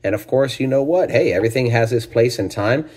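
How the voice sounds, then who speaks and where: A man's voice: medium pitch, fairly quick, a little mellow, husky. A man hosting a casual tequila tasting review, talking enthusiastically and exclaiming over each aroma. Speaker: tequila reviewer, channel host.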